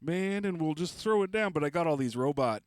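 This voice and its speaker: A man with a slightly high, animated, brisk, and smooth voice hosts a beatmaking livestream, chatting casually and rambling with self-mocking jokes as he works. The recording is dry with clean studio sound.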